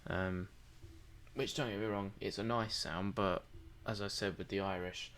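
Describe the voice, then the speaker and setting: A man's voice: fairly low pitch, fairly even intonation, normal speed, fairly bright tone, a little hiss or hum. A tired man co-hosting a podcast, rambling and joking through a casual late-night chat. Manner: rambling, joking, laughs often. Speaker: podcast co-host.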